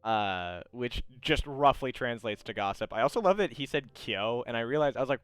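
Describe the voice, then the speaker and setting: A male game master who narrates scenes in a chatty, laughing way. His voice is smooth and resonant, swinging up and down with animated pitch, and it is recorded close and dry. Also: normal speed, few pauses, no echo.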